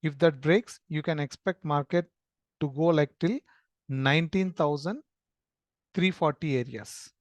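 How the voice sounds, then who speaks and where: A man's voice: fairly high pitch, measured pace, no echo. A man talking through a screen-shared market chart lesson, explaining step by step with many fillers and restarts. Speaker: trading educator.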